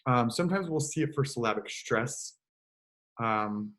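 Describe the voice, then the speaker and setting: At a measured pace and in a mid-range voice, a male choir director guides an online choral lesson in relaxed, explanatory fashion, sometimes breaking into short sung examples on a computer mic.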